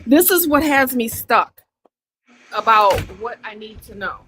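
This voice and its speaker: A woman calling in to a live show, telling an emotional personal story in a rushed, earnest, apologetic way. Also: on the high side, lively intonation, a bit bright, slight background noise, low-quality recording. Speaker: caller.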